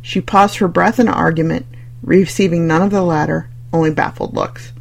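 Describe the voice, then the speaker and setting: An audiobook narrator reads fiction with a wry, conversational lilt. The voice has a steady gravelly fry at an even middle pitch. It moves between scene-setting and the characters' thoughts with ease. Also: normal speed. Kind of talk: scripted narration.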